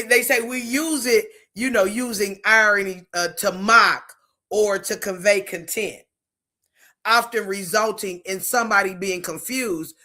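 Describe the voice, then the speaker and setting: A woman's voice: mid-range voice, sharp tone. A woman hosting a faith-based talk show, speaking bluntly and emphatically and acting out the tones she talks about. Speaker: host.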